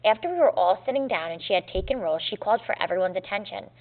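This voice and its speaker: A woman teacher reading a story aloud to her students in a clear, measured, gently expressive way. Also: medium pitch. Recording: tinny phone-like lo-fi recording.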